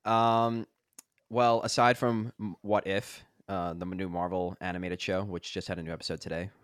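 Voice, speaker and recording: A young man with a low, clear, resonant voice co-hosts a podcast, recorded in a clean studio with no room sound. His delivery is flat and moderately paced, yet he chats casually and enthusiastically, rambling with plenty of fillers.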